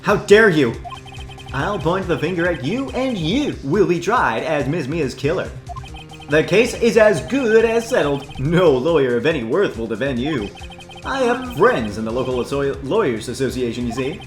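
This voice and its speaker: A man's voice: fairly high pitch, sing-song. A man putting on a pompous scheming villain. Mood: domineering. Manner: haughty, theatrical, drawn-out. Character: pompous scheming rich male villain, middle-aged. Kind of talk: fan voicing of a game playthrough. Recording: roomy echo, game music. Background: game music.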